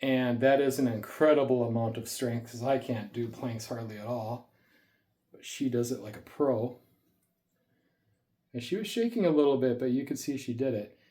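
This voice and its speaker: A man's voice: mid-range voice, normal speed, warm tone. A man telling stories in a casual vlog, a bit winded after the gym, rambling and chatty, recorded indoors at home on a camera on a tripod. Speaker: snake keeper vlogger.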